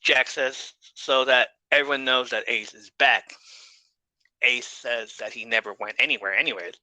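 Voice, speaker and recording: A man talks through a TV episode in a loose, joking way, swearing freely and laughing at the show. His voice is very bright and cutting, and the recording is dry and close. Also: mid-range voice, steady tone, moderate pace, dry recording, rough recording. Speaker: podcast host. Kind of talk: casual TV episode recap.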